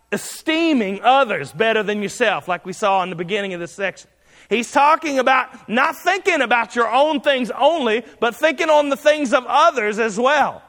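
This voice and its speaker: A man preaching a sermon, emphatic and building to shouts on key lines. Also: very high-pitched, big-room sound.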